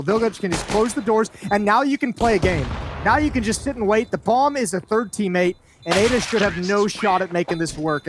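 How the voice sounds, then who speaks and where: Esports caster over loud game gunfire. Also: male voice, high-pitched, noisy background. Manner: quick play-by-play with wry self-deprecating asides. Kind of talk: live play-by-play commentary. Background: gunshots and clicks from the game.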